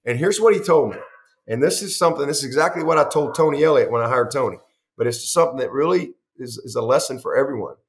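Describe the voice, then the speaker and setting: Animated middle-aged man telling stories. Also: medium pitch, fast talker. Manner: animated, rambling, with frequent restarts and quoted dialogue. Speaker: head football coach. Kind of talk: storytelling in a conversational interview.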